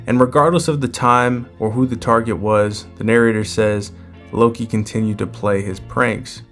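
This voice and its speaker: A man giving a relaxed, casual recap of a manga chapter and chuckling as he retells its scenes. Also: on the low side, moderate pace, faint music behind.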